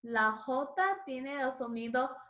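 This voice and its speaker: Woman teacher going slow n encouraging, says syllables for you to repeat, echoey room. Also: high-pitched, lively intonation, pushed and bright, dull audio. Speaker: Spanish teacher. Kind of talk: online language lesson.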